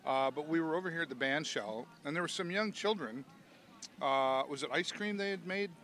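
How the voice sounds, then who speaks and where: A man's voice: a little high, normal speed, a bit bright, slight background noise. Easygoing man hosting at an outdoor festival. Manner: easygoing, chatty, loose with restarts. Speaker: host. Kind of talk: casual outdoor interview, livestream.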